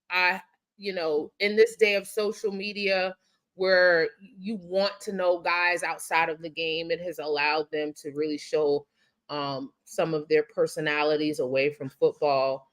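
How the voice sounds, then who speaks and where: A woman who is a sports beat writer, talking casually on a podcast and often pausing with ums and restarts as she works through her thoughts. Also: lowish voice, a bit bright.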